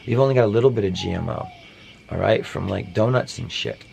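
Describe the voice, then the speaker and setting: A man's voice: on the low side, brisk, gravelly, a little mellow, a little hiss or hum. A man hosting a parody podcast, rambling through a satirical monologue with offhand, mock-conspiratorial asides.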